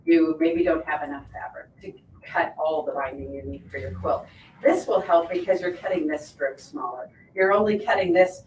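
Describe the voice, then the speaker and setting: A woman's voice: low voice, distant mic, a little hiss or hum. A woman sewing instructor giving a hands-on quilting demonstration, explaining step by step and checking in with her viewers as she goes. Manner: friendly step-by-step explaining, checking in with "right?" and "okay?". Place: sewing shop or studio. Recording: echoey room, voice from off-mic.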